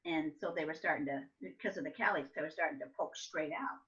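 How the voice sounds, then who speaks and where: An older woman speaks quickly in a deep voice as she tells family stories of her childhood in a relaxed interview, vividly performing her younger self and her mother. The audio comes across a little muffled and dull, and at times the mic is soft and distant.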